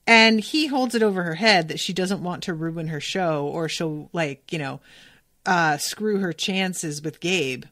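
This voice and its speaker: A woman's voice: lowish voice, a little slow, a bit bright, dry recording, studio quality. A woman hosting a podcast, casually recapping an episode with lots of filler words and amused asides. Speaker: podcast host recapping a cartoon.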